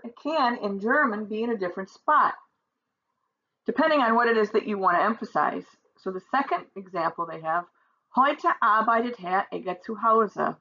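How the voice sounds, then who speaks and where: Woman, language teacher, bright clear voice, patient step-by-step explanations, slightly dull lo-fi sound. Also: medium pitch. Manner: explains slowly, reads German examples aloud and translates them. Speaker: German teacher. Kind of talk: textbook grammar lesson.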